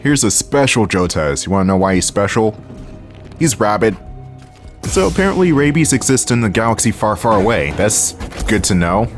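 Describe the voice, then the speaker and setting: Wry Philly-accented let's-play host, low-voiced, game music faint behind. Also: male voice, very animated, moderate pace. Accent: Philadelphia. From Philadelphia area. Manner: chatty and wry, jokes to himself, swears now and then. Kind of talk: casual gameplay commentary.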